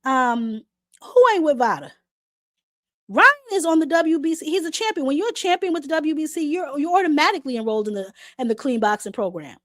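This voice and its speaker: A woman's voice: sits high, lively intonation, brisk, a bit bright, no echo, clean studio sound. Sassy woman host with a sore throat. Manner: blunt, sassy, talks back to chat. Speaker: boxing show host. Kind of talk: live-stream commentary.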